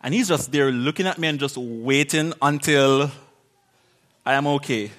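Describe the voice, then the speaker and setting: A preacher delivers an informal sermon in a chatty, lively manner, acting out small quoted exchanges and laughing often. His voice sits in the mid range, and he speaks at a moderate pace.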